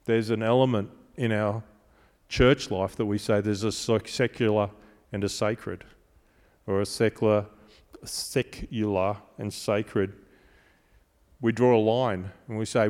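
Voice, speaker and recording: A man's voice: on the low side, fairly even intonation, a little slow, long pauses, darkish tone. A male pastor preaching a sermon with an emphatic, repetitive cadence. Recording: long hall reverb.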